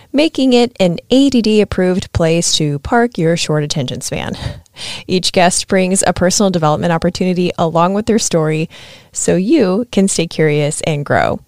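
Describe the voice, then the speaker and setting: Give me a woman podcast host reading her intro in a wry, measured tone, recorded dry and close. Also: fairly low pitch, a little mellow, no echo.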